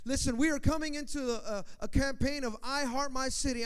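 A man's voice: extremely high pitch, brisk, few pauses, smooth. A man pastor preaching a sermon in a church, emphatic and repetitive, putting questions to the congregation. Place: church sanctuary. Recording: long hall reverb.

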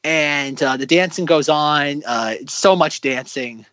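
A man's voice: a little high, slow, bright, forceful tone, dry recording. A man co-hosting a podcast in casual chat, rambling with plenty of fillers. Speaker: podcast co-host.

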